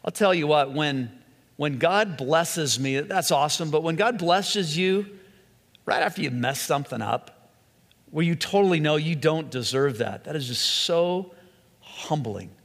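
A man's voice: a little high, lively intonation. Earnest male preacher in a reverberant hall. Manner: earnest, with slow emphatic phrases and frequent restarts. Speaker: pastor. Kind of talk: sermon.

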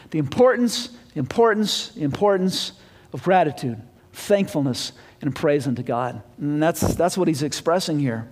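A man preaching a sermon in a folksy manner, asking his listeners questions. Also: high-pitched. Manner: folksy, asks the congregation questions. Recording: long reverb of a church hall.

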